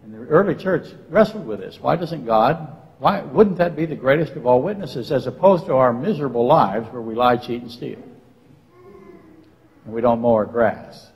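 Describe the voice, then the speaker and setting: A man's voice: medium pitch, expressive, normal speed, a little mellow. Man teaching in a reverberant church. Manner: rhetorical questions to the congregation, dry facetious asides. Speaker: Bible teacher. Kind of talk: verse-by-verse Bible lecture. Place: church sanctuary. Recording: long reverb of a church hall.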